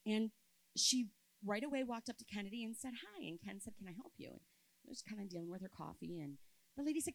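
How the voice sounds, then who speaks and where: A woman in her fifties giving a sermon at a church camp, telling a personal story and moving between loud emphasis and soft, quiet passages. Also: mid-range voice, expressive, fast, creaky, low-quality recording.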